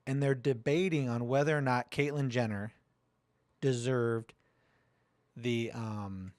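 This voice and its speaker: A man's voice: mid-range voice, steady tone, slow, a little mellow, dry recording. A man hosting a casual podcast chat, retelling a story in a loose, profane way. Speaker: podcast host.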